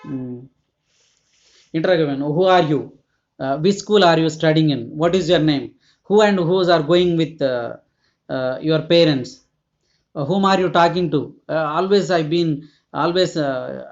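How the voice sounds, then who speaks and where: A man's voice: fairly high pitch, normal speed. A male school teacher, giving a grammar lesson in a hesitant way, full of "uh" fillers and repeated word lists. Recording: dull lo-fi recording.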